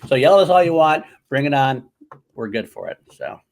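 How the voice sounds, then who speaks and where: A man's voice: on the high side, lively intonation, a little fast, darkish tone. A man co-hosting a podcast in casual chat, laughing often and rambling with fillers. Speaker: podcast co-host.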